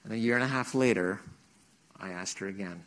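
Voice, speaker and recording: A man's voice: lowish voice, a little fast, fairly bright tone. A middle-aged man preaching to teens in a church, telling his own testimony in an earnest storytelling manner and acting out the quotes. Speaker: youth speaker. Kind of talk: sermon testimony.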